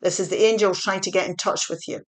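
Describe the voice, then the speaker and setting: A woman's voice: lowish voice, fairly even intonation, fast. Chatty woman giving a tarot reading. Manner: chatty, reassuring, self-correcting. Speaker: tarot reader.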